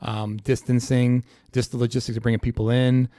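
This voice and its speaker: Man, podcast guest, rapid speech, mellow dark tone, dry studio. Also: medium pitch, no room sound. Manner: fast, animated storytelling with repeated restarts. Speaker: chiropractor guest. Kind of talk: casual podcast interview.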